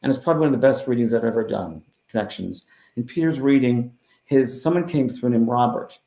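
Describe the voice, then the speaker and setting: A man with a gravelly, mid-pitched voice tells his stories in an animated way, turning loud and then hushed. He is a medium in a casual interview, and his voice carries a roomy echo. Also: brisk. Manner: animated storyteller who swings between loud and hushed. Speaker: spiritual medium, guest.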